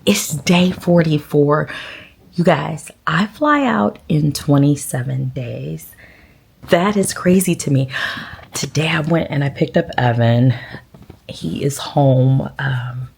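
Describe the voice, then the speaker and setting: A woman's voice: low-pitched, slow pace, creaky, a little mellow, husky. A woman, chatting casually to viewers in a vlog, with lots of fillers. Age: 50s. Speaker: vlogger.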